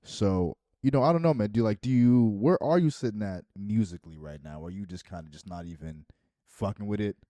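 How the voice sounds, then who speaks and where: Laid-back, swearing podcast dude. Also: male voice, on the low side, warm tone, no echo, studio quality. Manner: laid-back, swears often, quick to laugh. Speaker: podcast co-host. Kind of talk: casual chat.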